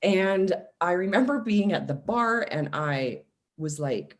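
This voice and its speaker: A woman in her forties, a self-love coach, talking casually and telling personal stories with lively acted-out quotes. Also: on the low side, slow pace. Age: 40s. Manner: animated storytelling, acts out quoted voices. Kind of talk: casual podcast conversation.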